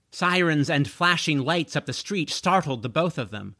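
A man narrating a chapter of a children's fantasy audiobook in a slow, expressive storytelling manner. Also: on the high side, dry recording, studio quality.

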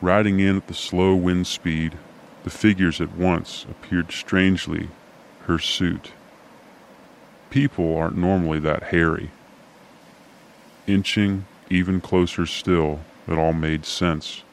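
A man telling a whimsical tale in a very low, unhurried voice. His delivery is dry and deadpan, with faint background noise behind him. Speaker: narrator. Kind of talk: storytelling narration.

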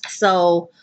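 Tired, profane woman podcast host. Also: medium pitch. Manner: profane, rambling, animated storytelling. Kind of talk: casual solo podcast chat.

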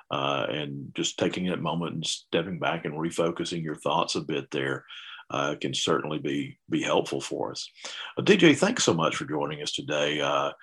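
A man hosting a podcast interview, speaking in a relaxed way with frequent "uh" fillers. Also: extremely low pitch, slightly rough. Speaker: podcast host.

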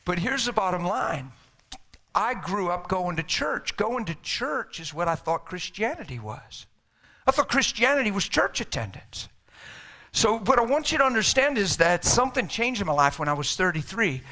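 A middle-aged man preaching a sermon in an energetic, emphatic, conversational way. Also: high voice, moderate pace.

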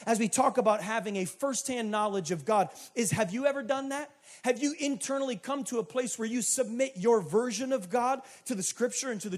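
A pastor preaching to his church in a high, light voice. He keeps a chatty tone, asking questions of the congregation, then builds to emphatic, shouted points. He is a man from the United States. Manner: conversational, emphatic, rising to shouts. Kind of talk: sermon.

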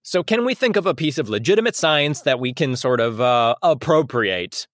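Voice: medium pitch, sing-song, normal speed, fairly bright tone, no room sound, studio quality. A podcast co-host chatting casually and joking, laughing often. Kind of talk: casual comedic chat.

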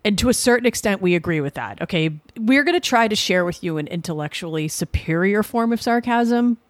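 A woman's voice: medium pitch, lively intonation, fairly quick, no echo. A woman in her forties from the Boston suburbs, co-hosting a podcast in casual, sarcastic banter that rambles through self-corrections. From Boston suburbs, USA. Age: 40s. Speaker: podcast co-host.

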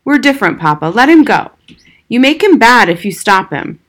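A woman reading aloud voices a big, slow-thinking older brother who speaks calmly and steadily. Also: fairly high pitch, voice pushed up. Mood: calm pleading.

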